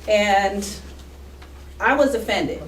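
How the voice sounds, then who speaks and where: Woman making a pointed public comment, measured, lots of room noise, echoey. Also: mid-range voice, far from the mic.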